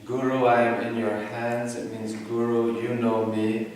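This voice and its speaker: A man giving a devotional talk as a meditation teacher, soft-spoken and unhurried, explaining and leading chants. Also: mid-range voice, completely flat delivery, slight background noise. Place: yoga retreat hall. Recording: echoey hall from far off.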